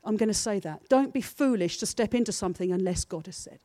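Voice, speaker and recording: A woman's voice: medium pitch, fast, dry recording. A woman preaching a sermon to her church in an earnest, personal way. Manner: earnest, builds from soft confessional to emphatic.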